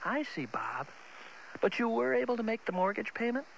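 A man voicing a calm female talk-show interviewer who asks gentle, measured questions. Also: very high voice, gravelly, slight background noise, heavily acted, poor audio. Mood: probing.

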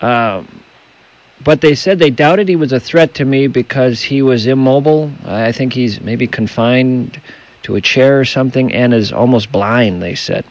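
A man hosting a late-night call-in radio show, talking in a rambling, halting, self-deprecating way. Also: medium pitch, highs cut off. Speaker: radio talk show host.

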